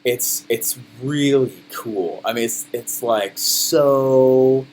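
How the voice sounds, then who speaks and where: A man voicing a dull, low-energy podcaster who speaks slowly and flatly, mumbling and trailing off. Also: a little hiss or hum. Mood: listless. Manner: slow, flat, mumbling, trailing off. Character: dull low-energy young male podcaster, limp and bored.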